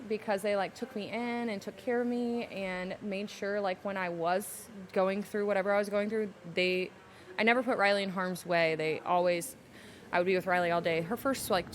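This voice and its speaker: A young adult woman, a podcast guest telling her personal story candidly and emotionally, slowing down to hold back tears. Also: medium pitch, slight background noise. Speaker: podcast guest, salon owner.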